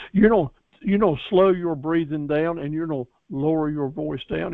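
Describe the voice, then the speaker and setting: Folksy guy teaching a business class, kinda high voice, tinny phone sound. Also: gravelly, dry recording. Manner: folksy, coaching, repeats words and restarts. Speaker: business course instructor. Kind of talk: graduation lecture to a class.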